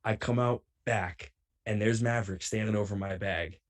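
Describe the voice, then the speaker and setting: A man who wrestles professionally shares a road story as a show guest, his lowish voice moving at a moderate pace. He tells it with animation, voicing the others in the tale.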